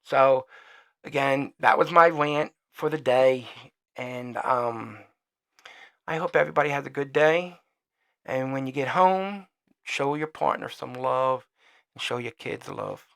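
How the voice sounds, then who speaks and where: Podcast host, man, solo opinion rant: heated, swears a lot, rambles, middle pitch. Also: unhurried, vocal fry. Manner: trails off quieter when signing off.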